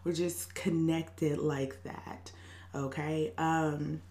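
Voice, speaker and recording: A woman's voice: fairly low pitch, animated, a little slow, gravelly, a little mellow, echoey room. A young adult woman hosting a podcast in a casual, sassy venting monologue, laughing often and cussing freely. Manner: sassy, laughing, profane asides. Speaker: podcast host.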